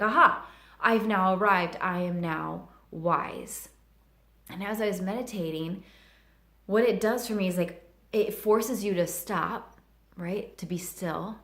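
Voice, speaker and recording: In a roomy-sounding recording, a vlogger in her thirties speaks in a medium-pitched voice. Sharing something personal, she comes across as sincere and heartfelt, using "like" as a filler again and again.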